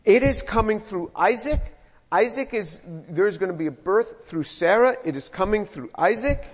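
A fairly high-voiced middle-aged man preaching verse by verse, talking like he's chatting with the congregation and repeating himself as he thinks. The sound is muffled and carries a long hall reverb. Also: moderate pace. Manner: conversational, repeats words, animated asides. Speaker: pastor. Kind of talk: verse-by-verse sermon.

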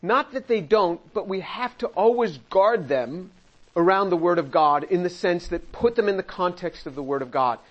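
A man's voice: high voice, lively intonation, moderate pace, lo-fi sound. An older man teaching a Bible study in a conversational way, acting out quoted voices and chuckling now and then.

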